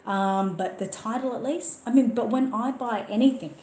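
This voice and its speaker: A woman's voice: fairly high pitch, normal speed, darkish tone, reverberant, poor audio. An Australian woman hosting a casual Q&A, chatty and emphatic, often repeating words for stress. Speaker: channel host answering viewer questions. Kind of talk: casual livestream Q&A chat.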